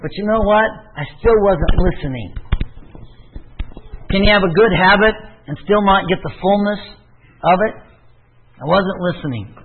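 High-voiced preacher on a tinny line. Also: male voice, moderate pace, long pauses, a little hiss or hum. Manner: earnest storytelling with rhetorical questions. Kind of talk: sermon with personal testimony.

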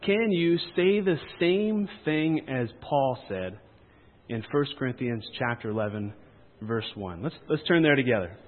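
A man's voice: medium pitch, animated, unhurried. Man preacher, conversational sermon with playful asides, thin phone-like sound in a big reverberant hall. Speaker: camp preacher.

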